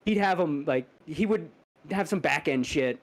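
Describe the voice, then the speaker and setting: A man's voice: a little high, lively intonation, moderate pace. A man co-hosting a podcast, telling a story in casual chat, laughing, swearing and restarting his sentences. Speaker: podcast co-host.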